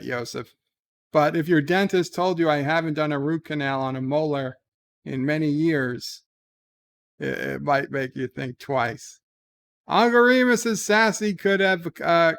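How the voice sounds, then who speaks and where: A man hosts a relaxed livestream and reads out his chat with lively emphasis. His voice sits a little high and sounds clean and smooth. Now and then he hams up the messages as he reads them. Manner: reads viewer messages aloud with animated emphasis. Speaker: livestream host reading chat. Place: home, talking from bed.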